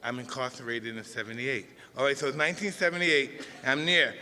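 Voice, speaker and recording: A man's voice: mid-range voice, fairly even intonation, brisk, bright, forceful tone, big-room sound. A man in his fifties telling a rambling, emotional story live, often stopping and restarting mid-sentence. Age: 50s. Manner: rambling, emotional, self-interrupting.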